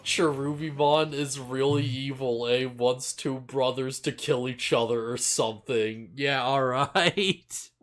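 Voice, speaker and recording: A man's voice: medium pitch, flat delivery, a little slow, few pauses. A man chatting casually on a podcast about an anime episode, rambling with lots of fillers and restarts and laughing often. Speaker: podcast co-host.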